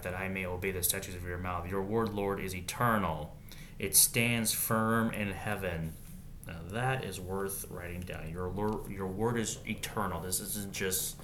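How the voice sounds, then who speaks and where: A man with a fairly low voice reads scripture aloud in a relaxed, casual way. He stops between verses to add quick, slangy asides before going back to the text. A faint low rumble runs behind him. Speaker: Bible reader and commentator. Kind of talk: casual Bible reading with commentary.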